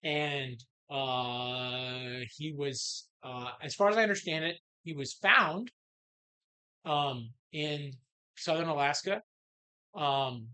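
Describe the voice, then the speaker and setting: A man's voice: slow, clean tone. A man co-hosting a podcast, telling a story in casual chat and acting out the quotes with big swings in voice. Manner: animated, acts out quotes with big jumps in pitch and loudness. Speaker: podcast co-host. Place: bar or lounge.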